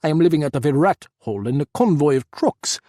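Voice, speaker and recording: A man voicing a gruff Russian rebel commander with a rough voice, speaking formally without contractions. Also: a little high, lively intonation, fast, dark tone, dry recording, clean studio sound, pitched above the performer's own voice, lightly acted. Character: hardened male Russian rebel leader, gruff, emotional. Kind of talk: audiobook character voice.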